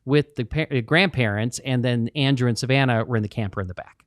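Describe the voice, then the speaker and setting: A man co-hosting a business podcast, walking listeners through a client's story. He acts out quotes as he goes. His voice sits at a middle pitch, and the dry recording has no room sound. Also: fast, no room sound. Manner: storytelling, animated retelling of quotes. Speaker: podcast co-host. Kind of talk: casual business podcast chat.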